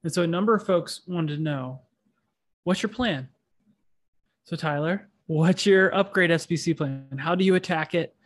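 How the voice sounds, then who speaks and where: A man's voice: fairly high pitch, normal speed. A man hosting a casual podcast chat, with a nasal voice and a rambling, self-deprecating way of talking. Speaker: podcast host.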